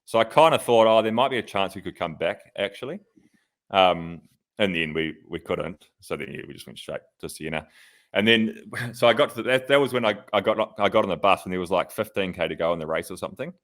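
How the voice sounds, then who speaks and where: Deep-voiced man telling a rambling story. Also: fairly quick, a bit bright. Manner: rambling, swears freely, mimics others in a high voice. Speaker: podcast co-host, pro cyclist. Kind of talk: casual chat, anecdotes.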